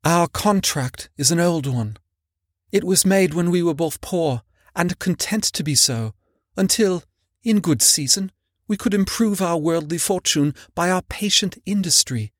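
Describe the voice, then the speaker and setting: A man voicing a gentle, sorrowful young woman. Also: high-pitched, a little slow, no echo, clean studio sound. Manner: soft, gentle pleading. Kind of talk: audiobook reading.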